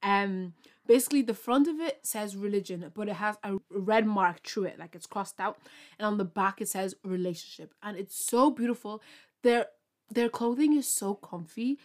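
A young woman talking through her solo podcast episode in a chatty, excitable way. She rambles and bursts with enthusiasm, sprinkling in ums and likes. Her pitch sits in a middle range. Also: moderate pace. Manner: bubbly, excitable, rambling with many fillers and laughs. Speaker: podcast host. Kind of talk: casual solo podcast chat.

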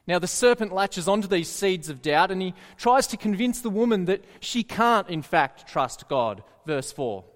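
Earnest male preacher, high voice, slow, echoey hall sound. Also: very animated. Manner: earnest, asks the listeners questions. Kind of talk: sermon.

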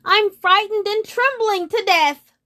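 A frightened storybook moon, voiced by a woman, who begs and pleads in a raised, fluttering pitch. The voice rides well above the reader's own, slow and drawn out. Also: big pitch swings, full character voice. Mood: pleading, grateful. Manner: high, begging.

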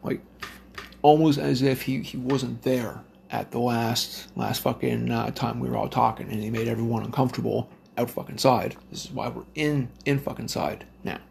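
A man's voice: medium pitch, steady tone, normal speed, creaky, darkish tone, a little hiss or hum. A man casually telling a rambling personal story, swearing constantly. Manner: heavy swearing, rambling with restarts.

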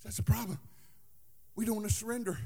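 A male pastor preaching a fervent sermon in a church, with a sing-song cadence that swings from hushed asides to shouting. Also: sits high, steady tone, quick pace, vocal fry, in a large hall. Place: church sanctuary.

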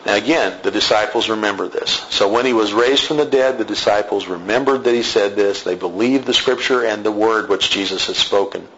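A man's voice: fairly low pitch, fairly quick, hardly any pauses, a bit bright, a little hiss or hum. Conversational male Bible teacher, muffled. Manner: conversational, with asides and self-corrections.

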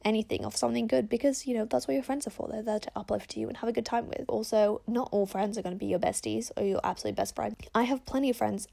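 A woman's voice: a little high, creaky, mellow. A woman hosting a casual advice podcast, chatting in a rambling way with lots of fillers. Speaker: podcast host.

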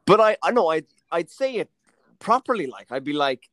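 A man co-hosting a podcast over a video call, jokey and quick in casual chat. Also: a little high, big pitch swings, a bit bright, no room sound. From Ireland. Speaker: podcast co-host.

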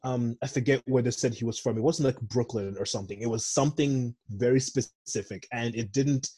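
A man's voice: medium pitch, fairly quick, dark tone, slightly rough. A young man from Zimbabwe with an American accent, co-hosting a podcast in casual, rambling chat and often correcting himself. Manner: rambling, digressive, self-correcting. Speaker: podcast co-host.

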